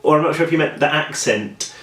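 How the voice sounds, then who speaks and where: A chatty man with a British accent talks to camera in a relaxed, self-deprecating way. He rambles a little as he tells a story. The room around him is echoey. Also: on the high side, brisk. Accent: British English. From England. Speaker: author vlogging. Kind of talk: casual vlog chat and storytelling.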